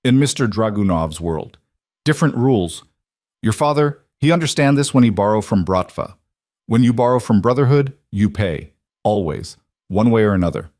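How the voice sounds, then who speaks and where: A man's voice: lowish voice, moderate pace, dry recording, clean studio sound, natural voice. A man voicing a tall, coldly courteous mob enforcer with a thick Eastern European accent and broken English. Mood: menacing. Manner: broken English, calm and menacing.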